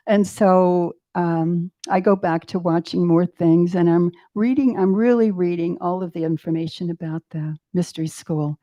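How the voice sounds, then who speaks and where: A woman in her eighties, a guest in an interview, telling her story in a casual, animated way and acting out her own doubting thoughts with self-mocking humor. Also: on the low side, normal speed. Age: 80s. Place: retreat center in Mexico.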